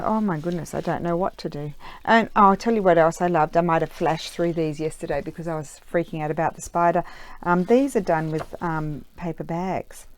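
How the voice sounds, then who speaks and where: Chatty, low-voiced woman crafting at home. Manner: rambling, chatty, many ums and uhs. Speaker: craft vlogger. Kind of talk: casual chat while crafting. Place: room at home with window open.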